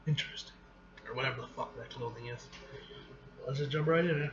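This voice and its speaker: A man's voice: mid-range voice, fast talker, pauses often, reverberant, muffled recording, noisy background. A man casually reading and reacting to a comic book, laid-back and swearing freely.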